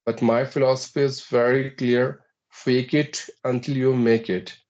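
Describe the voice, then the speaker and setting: A man with an Indian English accent gives measured, step-by-step advice in an English practice conversation. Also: medium pitch, flat delivery, darkish tone, highs cut off. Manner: measured, advisory, counts points off one by one.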